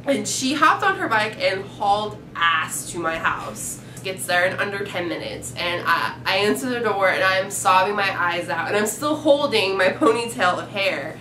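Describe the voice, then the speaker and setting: A young woman with a drawl telling a high school story in casual vlog style, acting out the quoted lines. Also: expressive, moderate pace, few pauses, sharp tone. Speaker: vlog co-host. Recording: echoey room with faint noise.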